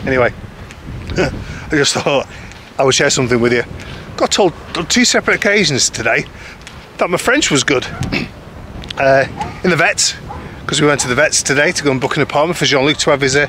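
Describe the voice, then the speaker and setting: A man's voice: mid-range voice, pushed and bright. Chatty man vlogging outdoors. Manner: chatty, self-deprecating, lots of ums. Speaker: expat vlogger. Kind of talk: casual rambling chat to camera. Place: outdoors in a village. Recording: outdoor noise with passing traffic.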